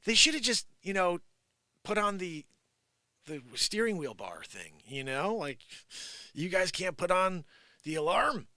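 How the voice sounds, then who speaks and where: A man's voice: a little high, very animated, normal speed, pauses often, bright, forceful tone, no room sound, studio quality. A man hosting a live show, riffing on news stories with giggles and rambling asides. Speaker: live comedy show host. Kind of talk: improvised comedy news riff.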